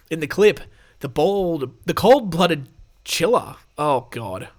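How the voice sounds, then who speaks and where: A man's voice: on the high side, very animated, moderate pace. An Australian man hosting a podcast, reading news stories aloud with sarcastic, rambling asides and casual swearing. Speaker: podcast host.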